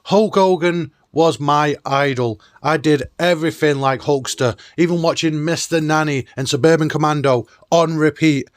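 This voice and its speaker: A man's voice: a little high, moderate pace, few pauses, dry recording. A man hosting a nostalgic countdown video in an enthusiastic, chatty way. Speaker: host.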